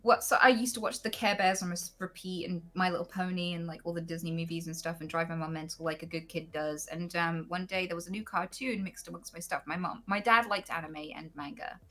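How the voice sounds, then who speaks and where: A woman in her thirties, a guest streamer on a call, telling stories in lively, animated chat. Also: fairly low pitch, brisk, few pauses. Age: 30s. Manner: animated storyteller, acts out reactions.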